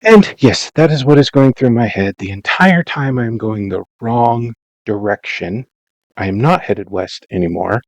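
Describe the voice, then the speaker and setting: A man's voice: medium pitch, animated, moderate pace, no echo. A man narrating his own gameplay in a rambling, self-mocking, dramatized way, in a casual voice-over. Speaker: Minecraft let's-play narrator.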